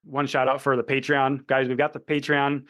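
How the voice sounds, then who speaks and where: Thirties male co-host, relaxed profane chat, mid-pitched. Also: normal speed, no room sound, muffled recording. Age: 30s. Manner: casual, profane, laughs often. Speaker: podcast co-host. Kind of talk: casual chat.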